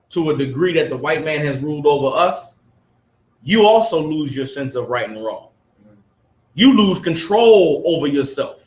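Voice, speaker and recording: A man leading a preachy lesson for a group, reading aloud and pressing them with rhetorical questions. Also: a little high. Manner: emphatic, fires rhetorical questions at listeners. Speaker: study group teacher. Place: room with a group of listeners. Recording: echoey room.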